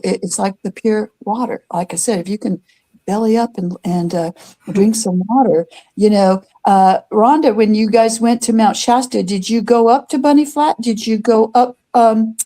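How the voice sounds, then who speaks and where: Older female guest, mellow voice, rambling storyteller with many fillers. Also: fairly high pitch, moderate pace. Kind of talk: casual storytelling chat.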